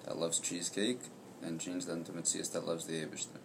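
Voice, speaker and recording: A very deep male voice, flat and even, that explains a point slowly in a study group. Clear hiss runs under the recording. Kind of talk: Torah study class discussion.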